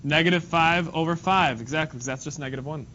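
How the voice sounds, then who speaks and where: A man's voice: on the high side, quick pace, pushed and bright. A male math teacher leading a classroom lesson, casual and joking, calling on students by name. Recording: dull lo-fi classroom recording with faint noise.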